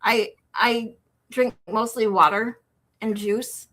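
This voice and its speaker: A woman with a Michigan accent, hosting a livestream and chatting casually with her viewers, animated and rambling, often incredulous. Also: fairly high pitch, takes it slowly. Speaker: livestream host. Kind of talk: casual chat with live chat. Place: home in Texas.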